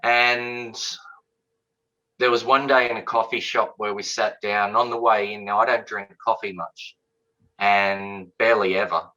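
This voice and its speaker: The guest author here is a middle-aged man whose voice is fairly low and whose delivery is unhurried. Interviewed over dull lo-fi audio, he tells a personal anecdote casually, bringing remembered dialogue to life with animated impressions.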